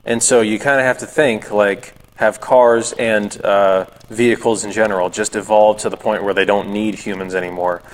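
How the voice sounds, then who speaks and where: A man's voice: lowish voice, steady tone, moderate pace, hardly any pauses, long reverb tail. A man co-hosting a podcast, chatting casually and rambling with lots of "like" and "you know". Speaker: podcast co-host. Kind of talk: casual chat.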